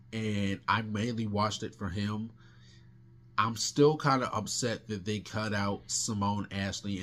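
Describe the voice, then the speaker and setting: A man's voice: on the low side, a bit bright. A man casually reviewing the movies he watched last month, rambling with lots of restarts and fillers. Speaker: film reviewer.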